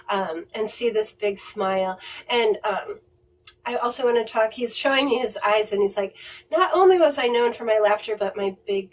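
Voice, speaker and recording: A woman medium gives a reading on a video call, her voice pitched a little high and coming from a bit away from the mic. She talks gently and reassuringly, but hesitantly, with frequent ums and self-corrections. A faint hiss of noise sits under the livestream audio. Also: far from the mic, rough recording. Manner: hesitant, many fillers and restarts.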